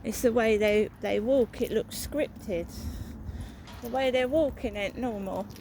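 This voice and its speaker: Slow, rambling woman walking outdoors. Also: on the high side, creaky, noisy background. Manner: rambling, repetitive, suspicious narration. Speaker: vlogger. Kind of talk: walking vlog commentary. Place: outdoors, walking through a town.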